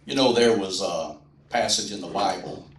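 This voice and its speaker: A man's voice: on the low side, moderate pace. Folksy man speaking at a rally. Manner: folksy, humorous storyteller. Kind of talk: folksy rally speech with an anecdote. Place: indoor rally venue. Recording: roomy, distant mic at a rally.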